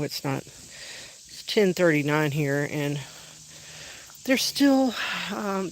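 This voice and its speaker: A dog owner chatting casually on a livestream from an outdoor backyard, rambling and now and then shouting to call the dogs. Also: mid-range voice, a little hiss or hum, low-quality recording.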